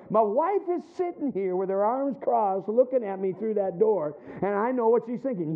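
Animated preacher, tinny sound. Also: male voice, moderate pace. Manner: animated storyteller, acts out voices, drops low for points. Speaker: pastor. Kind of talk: sermon with storytelling.

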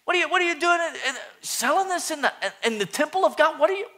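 Man acting out an indignant man, shrill, loud, high, fast, strained. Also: animated, full character voice. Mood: outraged. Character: fiery, indignant man shouting at merchants.

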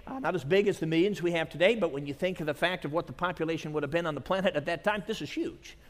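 A man preaching a sermon at a conference, dramatic, dropping to a hush and then rising to shouts. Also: fairly high pitch, quick pace. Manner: dramatic, swings from hushed to shouting. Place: large conference hall. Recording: long reverb of a large hall.

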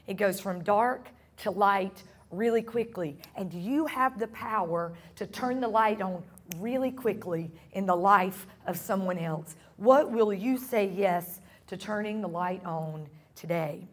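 Earnest woman preaching, higher voice. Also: husky. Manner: earnest, repeats phrases for emphasis. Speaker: pastor. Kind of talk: sermon. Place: church service room.

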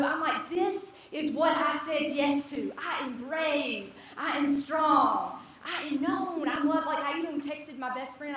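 Young woman, high voice, animated storyteller, laughs often, far from mic in a big echoey hall, audience. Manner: animated, laughing, acts out quotes. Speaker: speaker telling a personal story. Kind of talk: storytelling talk to a live audience.

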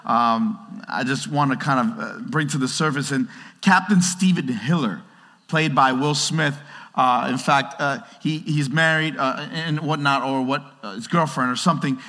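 Animated preacher in a reverberant hall. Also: male voice, mid-range voice, moderate pace. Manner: conversational, animated preaching with acted-out quotes. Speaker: pastor. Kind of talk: sermon. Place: large church hall.

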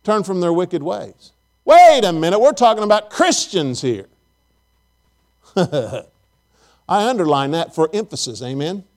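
A man's voice: high-pitched, big pitch swings, normal speed. A man preaching a sermon in a church auditorium, emphatic, repeating phrases and putting questions to the congregation.

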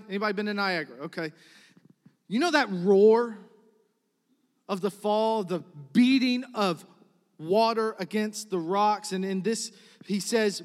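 Male pastor, high voice, emphatic sermon delivery that rises and falls, long hall echo behind. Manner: emphatic, repetitive preaching that swings from loud builds to soft drops.

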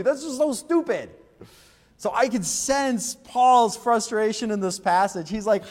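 A man preaching from the pulpit, his voice sitting a little higher than most men's. He talks in an animated, conversational way, firing rhetorical questions at the room, and the sound rings with a long hall reverb. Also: normal speed. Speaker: pastor. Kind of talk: sermon.

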